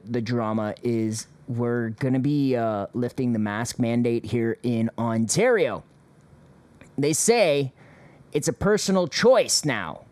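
A man's voice: a little high, darkish tone, no room sound. A man hosting a casual call-in show, talking in a sarcastic, rambling way with chuckling asides. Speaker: host.

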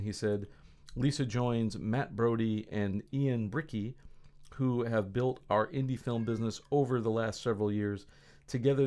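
A man's voice: lowish voice, a little mellow. A man hosting a studio podcast, reading news items in a casual, upbeat, joking way. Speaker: podcast host. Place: recording studio.

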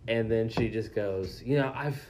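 A man's voice: on the low side, moderate pace, a little mellow, a little hiss or hum. A young man co-hosting a casual podcast, telling a story with lots of swearing and acted-out quotes. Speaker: podcast co-host.

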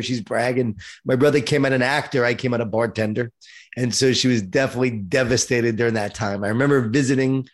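A fast-talking middle-aged author from Long Island, New York, with a mid-range voice, rattles through his life story as an interview guest. He keeps it lively and self-deprecating.

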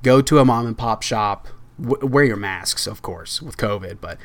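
A young man hosting a podcast, chatting casually about video games in an excitable, rambling way and laughing often. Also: on the low side, moderate pace. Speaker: podcast host. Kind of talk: casual chat.

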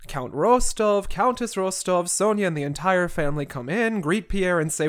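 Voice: mid-range voice, lively intonation, normal speed. A podcast host recapping a classic novel chapter by chapter, with sarcastic asides and roast-style jokes. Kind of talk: comedic book recap.

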